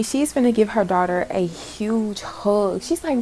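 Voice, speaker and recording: A woman, excitedly narrating her life-sim game story in casual commentary and talking straight to her viewers. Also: mid-range voice, unhurried, soft background music. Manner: chatty, excitable, addresses viewers as y'all. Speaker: Sims gameplay narrator.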